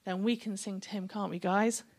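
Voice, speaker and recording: A woman's voice: mid-range voice, steady tone, normal speed, a little mellow. A middle-aged woman preaching a sermon, chatty and encouraging, with joking asides to the congregation.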